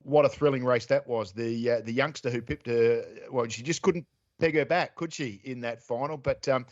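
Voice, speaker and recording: A man's voice: medium pitch, moderate pace. A man hosting a sports podcast, asking chatty, enthusiastic questions. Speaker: podcast host. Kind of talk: podcast interview. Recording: dull, muffled podcast audio.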